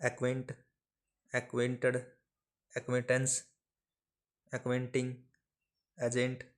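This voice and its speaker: A man reading out short phrases and single words one by one for shorthand dictation practice, in a measured, even delivery. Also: mid-range voice. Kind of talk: slow dictation of word lists.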